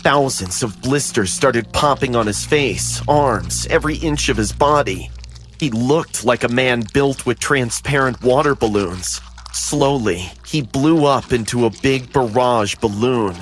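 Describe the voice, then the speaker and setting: Male narrator for a scripted horror tale, mid-pitched, steady and dramatic, faint music under him. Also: measured pace.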